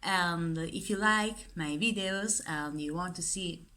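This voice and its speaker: A woman with an Italian accent teaching a beginners' lesson, slowly repeating each word several times. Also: lowish voice, pushed and bright, slight background noise.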